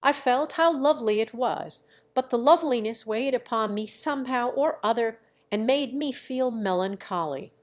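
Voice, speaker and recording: A woman reading the part of a gentle, naive young man, mild and earnest, in an audiobook. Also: a little high, normal speed, hardly any pauses, voice pushed up, close to an everyday voice.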